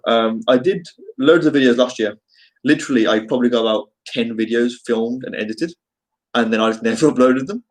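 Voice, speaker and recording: With poor audio, a mid-range male voice in Birmingham English chats casually to people watching his live stream. He's from England and rambles and jokes, with plenty of fillers.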